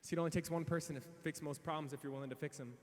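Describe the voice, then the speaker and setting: A man's voice: on the high side, very fast. A man in his thirties giving a motivational speech, telling funny stories and acting out the voices of the people in them. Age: 30s. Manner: animated storytelling, acting out quoted voices. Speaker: keynote speaker. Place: large convention hall. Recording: echoey hall with long reverb.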